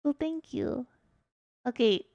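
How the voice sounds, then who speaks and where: A woman's voice: sits high, lively intonation, takes it slowly, vocal fry, darkish tone, dry recording, lo-fi sound. A woman streamer chatting casually while she plays, her voice stuffed up and congested, rambling and trailing off mid-sentence. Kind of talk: casual gaming stream chat.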